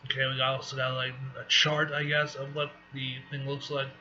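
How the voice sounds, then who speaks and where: A man's voice: medium pitch, monotone, a little fast, sharp tone. A man reading a comic aloud in a casual way, often stumbling and restarting words. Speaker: comic reaction vlogger. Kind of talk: casual read-aloud with asides. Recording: dull lo-fi with faint hiss.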